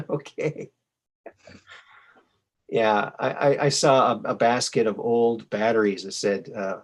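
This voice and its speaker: A man's voice: on the low side, fairly even intonation, takes it slowly, long pauses. A middle-aged man hosting a call-in show, chatting casually and telling dad jokes. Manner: folksy, tells dad jokes.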